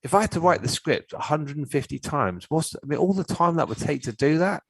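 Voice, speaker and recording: A man's voice: a little high, lively intonation, brisk, vocal fry, slightly rough, dry recording, rough recording. A man, telling a story in a blunt, ranting way as a filmmaker guest on a casual chat show. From Cornwall, England.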